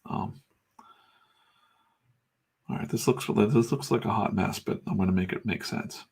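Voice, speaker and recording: Drawing and chatting, the middle-aged American comics artist who hosts the channel rambles on, candid and somewhat profane. He speaks a little slowly in a lowish, creaky voice that is a little mellow and slightly rough.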